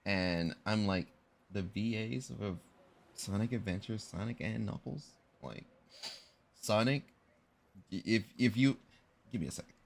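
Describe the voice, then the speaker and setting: Young male streamer, unhurried low voice, rambling casual storyteller. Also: gravelly. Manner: rambling, self-correcting, slangy storytelling. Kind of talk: casual live-stream chat.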